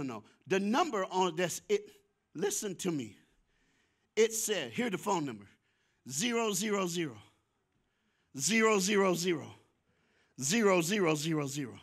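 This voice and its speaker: Guy preaching a story sermon at church, slangy, jumps from loud to soft, kinda high voice. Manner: lively storyteller with sudden shifts between loud and soft, chuckling; casual slangy talk. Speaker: guest speaker at a church. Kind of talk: storytelling sermon with call-and-response. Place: church before a congregation.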